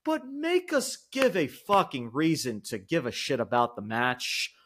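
A podcast co-host rants heatedly on a casual wrestling podcast, swearing a lot and repeating words. His voice is a little high and fairly bright, with wildly swooping pitch at a measured pace.

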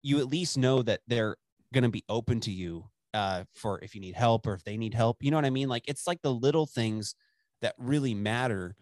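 A twenty-something man from West Texas rambles through casual chat, swearing and laughing as he goes. His voice sits at a middle pitch. The room is dry and close, with no echo. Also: brisk, a little mellow. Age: 20s.

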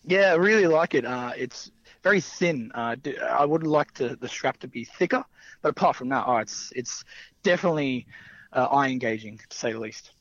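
A man's voice: mid-range voice, animated, normal speed, no room sound. Rambling young man, dull dry sound. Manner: rambling, laughs often, many fillers. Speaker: wrestler guest. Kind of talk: casual anecdotal storytelling.

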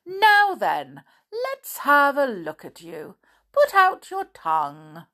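A brisk, pompous little male animal doctor, high-pitched and loud, bossy and gleefully grave, as a woman puts him on. He swoops up and down with lively inflection in a storybook reading, clear and close. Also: heavily acted. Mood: brisk, mock-grave.

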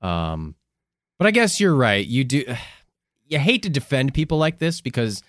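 Lively, blunt man co-hosting a podcast. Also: mid-range voice, a little slow, dry recording, clean studio sound. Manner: animated, blunt and profane. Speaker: podcast co-host. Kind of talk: casual podcast chat.

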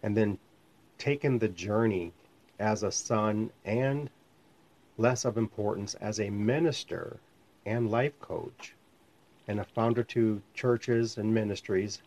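Low-voiced man hosting a ministry podcast. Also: steady tone, takes it slowly, a little mellow. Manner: rambling, often restarts and self-corrects. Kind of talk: conversational teaching podcast. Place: home studio called the lab. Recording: slightly muffled lo-fi sound.

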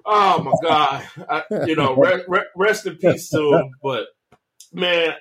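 A man's voice: on the high side, unhurried, crowd noise. A man with a slightly raised voice tells a childhood church story at an easy pace. He drawls, restarts his sentences and keeps coming back to "man" as he builds to the punchline. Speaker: podcast co-host. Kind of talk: casual storytelling chat.

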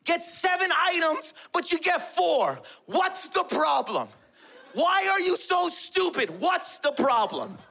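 A furious mother, put on by a man, shrieks sarcastic complaints at her husband in a very high, piercing voice. Her scolding is sharp and bright, and she shouts as if she has had enough. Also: animated, moderate pace, full character voice. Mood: exasperated.

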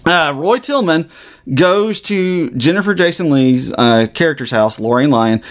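A man's voice: fairly high pitch, animated, measured pace. A man, co-hosting a podcast and casually recapping a TV episode in a rambling way, with many fillers and restarts. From Southern US. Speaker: podcast co-host.

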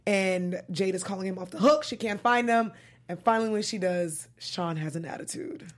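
A young woman hosting a casual TV recap chat show, chatty and animated, laughing often. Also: medium pitch, moderate pace. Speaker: podcast host.

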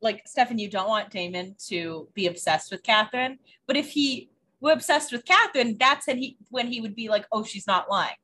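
Chatty bright-voiced woman co-host. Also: fairly high pitch, expressive, normal speed. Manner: chatty, uses "like" a lot, jokey asides. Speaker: podcast co-host. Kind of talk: casual recap chat.

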